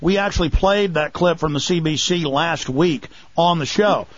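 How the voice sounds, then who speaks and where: A man with a high voice hosts a talk radio show, excitable and sarcastic, and keeps slipping into mocking falsetto imitations. The sound is dry and close, with the muffled, dull quality of a radio broadcast. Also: normal speed, no echo. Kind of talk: heated talk radio conversation.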